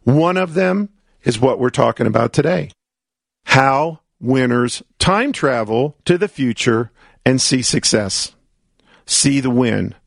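A man's voice: medium pitch, creaky, no room sound, clean studio sound. A man who hosts a motivational coaching radio show. He talks emphatically and asks rhetorical questions, and he acts out his clients' doubts.

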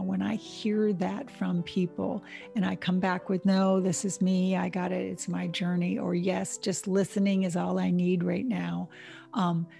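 A woman's voice: fairly low pitch, creaky, mellow. A woman vlogger talking earnestly and emotionally to her viewers about compassion, getting teary as she speaks. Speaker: vlogger host. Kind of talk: heartfelt personal talk to camera.

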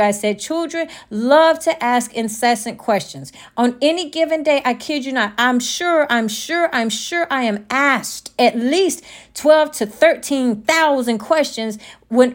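A woman with a notably high voice preaches her podcast sermon with emphatic, preacherly conviction. She addresses her listeners warmly as beloved and presses her points home. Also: expressive, measured pace.

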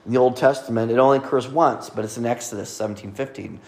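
Here a man speaks quickly in a medium-pitched, somewhat mellow voice. He's preaching, reading scripture out loud and explaining it and God's names in a teaching manner, with light remarks to those listening.

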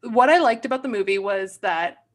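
A young woman recapping a movie in casual chat, animated and playful, breaking into silly voices for the characters. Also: medium pitch, normal speed. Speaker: podcast co-host.

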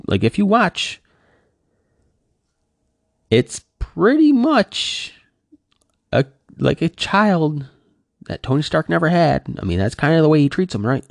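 A man's voice: fairly high pitch, slow pace, creaky, long pauses, no room sound, clean studio sound. A middle-aged man talking casually to camera, retelling a movie reaction with lots of "like" and acted-out quotes. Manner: animated, acting out quoted reactions, heavy use of "like". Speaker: vlogger.

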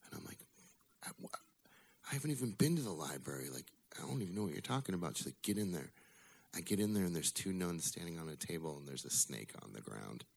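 Storyteller: man, low voice with a creaky grit, casual and wry, swears freely, live bar story night. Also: big pitch swings, fast talker, darkish tone. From Illinois. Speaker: storyteller at a bar open mic.

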